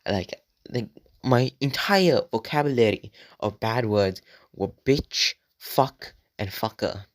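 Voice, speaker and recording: A man's voice: medium pitch, slow pace. A young man telling a story from his childhood in a rambling, profane way, full of filler words and talking straight to his viewers. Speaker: vlogger. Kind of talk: casual storytime monologue.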